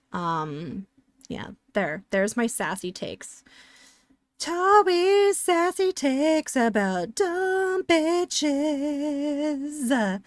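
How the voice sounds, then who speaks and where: A woman's voice: a little high, no room sound, studio quality. A woman streamer chatting casually while playing a game, rambling and sarcastic as she answers chat.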